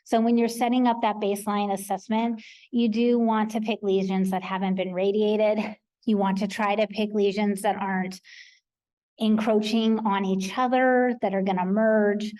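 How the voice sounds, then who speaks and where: A woman's voice: medium pitch, little pitch movement, normal speed, warm tone, rough recording. American woman explaining trial imaging rules. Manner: practical, explanatory, with frequent ums. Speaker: research coordinator presenter. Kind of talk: conference presentation. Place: conference hall.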